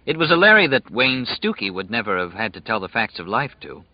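A man reading an audiobook as narrator in a measured, even storytelling manner. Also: on the low side, dry recording, highs cut off. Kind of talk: scripted narration.

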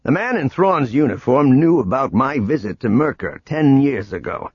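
A man's voice: medium pitch, lively intonation, normal speed, breathy edge, no room sound, dull audio, pitched above the performer's own voice. A man doing a confident, earnest adventurer. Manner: positive, earnest.

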